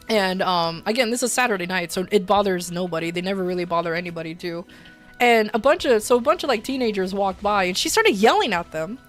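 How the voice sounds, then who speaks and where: A woman streamer chatting casually and telling a story, blunt and profane, laughing often and acting out shouted lines. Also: medium pitch, expressive, a little fast, faint music behind. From desert region. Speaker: VTuber streamer.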